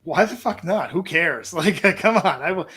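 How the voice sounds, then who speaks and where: A man co-hosting a casual comedy podcast, wry and quick to laugh, swearing casually. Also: sits high, expressive, pushed and bright, breathy edge. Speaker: podcast co-host.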